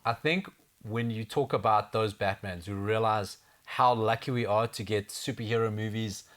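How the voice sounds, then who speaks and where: A man's voice: on the low side, moderate pace, fairly bright tone. A man co-hosting, talking casually with firm opinions. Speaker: co-host. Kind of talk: casual chat.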